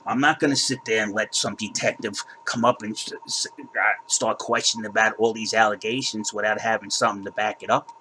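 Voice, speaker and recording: A man's voice: on the low side, fairly even intonation, fairly quick, bright, forceful tone, slight background noise, low-quality recording. A man hosting his own crypto channel, ranting in a heated, casual way and often repeating and restarting his words. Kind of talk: heated casual rant to camera.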